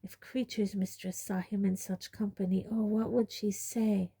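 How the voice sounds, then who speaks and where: A woman voicing a very old, bitter male house elf who mutters hoarsely and spitefully under his breath in a storybook reading. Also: mid-range voice, level tone, normal speed, mellow. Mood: muttering bitterly. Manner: spiteful grumbling asides, mock-humble. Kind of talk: audiobook reading.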